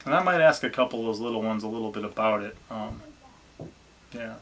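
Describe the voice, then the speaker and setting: A man's voice: fairly low pitch, a little fast, a bit bright. A man, a family vlogger chatting casually and encouragingly about his children. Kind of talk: casual chat.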